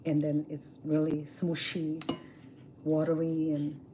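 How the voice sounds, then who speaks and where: A woman chatting casually while cooking at a home grill outdoors, telling stories in an animated way with many fillers. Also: low voice, takes it slowly, background noise. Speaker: cooking vlogger.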